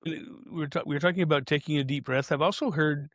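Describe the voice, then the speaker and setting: A man co-hosting a casual podcast, joking and halting, asking long roundabout questions. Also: fairly high pitch, steady tone, no echo. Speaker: co-host.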